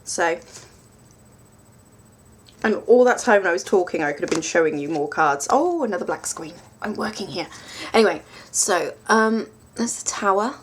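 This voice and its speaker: Woman, tarot reviewer, lowish voice, chatty and rambling, full of ums. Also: lively intonation, normal speed, a little hiss or hum. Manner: chatty and rambling, self-mocking, many ums. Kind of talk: casual vlog review.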